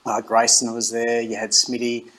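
A man's voice: medium pitch, normal speed, low-quality recording. A middle-aged Australian man in a casual interview, telling stories and acting out the dialogue, with frequent restarts. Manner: animated anecdotes, acts out quoted dialogue, frequent restarts. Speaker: interview guest, former rugby captain. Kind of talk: casual storytelling.

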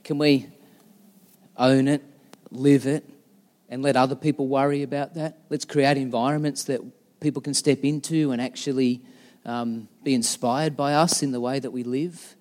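A man's voice: mid-range voice, fairly even intonation, moderate pace, a little mellow, big-room sound. A middle-aged man preaching a sermon as a pastor, chatty and self-deprecating. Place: church.

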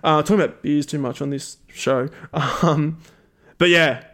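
A man's voice: fairly high pitch, fairly even intonation, unhurried, fairly bright tone. An Australian man in his thirties, a podcast host telling a rambling, casual story with lots of fillers and laughter.

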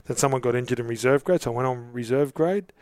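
A man's voice: mid-range voice, fast, a little mellow, smooth, no echo. Australian man, middle-aged, interview guest, casual storytelling, rambling, dry sound. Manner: rambling anecdotes with many restarts.

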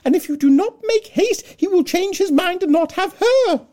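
A woman voicing an excitable, flustered middle-aged mother who pleads in a high, loud voice. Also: normal speed. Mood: frantic.

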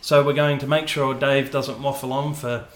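Chatty podcast host in an echoey room. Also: male voice, mid-range voice, little pitch movement, normal speed. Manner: chatty, self-mocking, rambling with fillers. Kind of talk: casual podcast chat.

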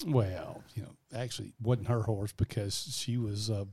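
A man's voice: on the low side, fairly even intonation, normal speed, a little mellow, breathy edge. A man, telling stories as a podcast co-host in casual chat, with many restarts. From American South. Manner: rambling storyteller with many restarts.

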